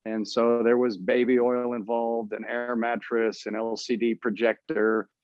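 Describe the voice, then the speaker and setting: A man in his fifties, an author, telling his story in an interview in an earnest, halting way with many restarts. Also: mid-range voice, little pitch movement, dry recording, lo-fi sound.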